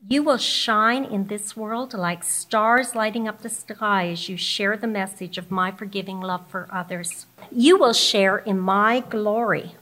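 A woman voicing Jesus as a loving man, speaking slowly in a tender, reassuring way. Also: mid-range voice, a bit bright, close to an everyday voice.

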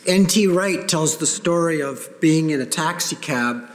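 Male pastor, slightly higher voice, emphatic sermon delivery, long church-hall reverb. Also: slight background noise. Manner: earnest, emphatic preaching with pauses. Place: church sanctuary.

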